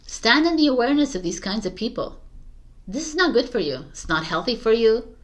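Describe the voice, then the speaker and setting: A woman's voice: fairly high pitch, very animated, a little fast. A woman giving a casual spoken tarot reading, chatty and encouraging, with frequent fillers and restarts. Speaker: tarot reader.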